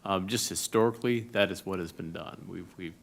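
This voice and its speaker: County official, man, deep and gravelly, short factual answer. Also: brisk. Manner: brief, factual. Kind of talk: board meeting remarks. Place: county commission meeting room.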